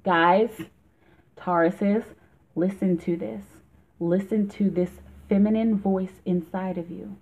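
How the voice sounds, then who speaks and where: A woman's voice: medium pitch, steady tone, slow pace. Chatty woman on tinny lo-fi audio. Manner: chatty and emphatic, laughs often. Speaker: tarot reader. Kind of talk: casual tarot reading vlog. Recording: tinny phone-like sound.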